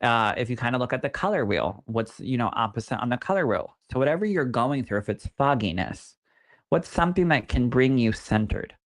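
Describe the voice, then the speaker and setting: A man's voice: mid-range voice, animated, fairly quick. A man co-hosting a podcast, chatting casually and reading listener messages aloud, affectionate and sassy. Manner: warm, affectionate, sassy asides. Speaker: podcast co-host and psychic medium.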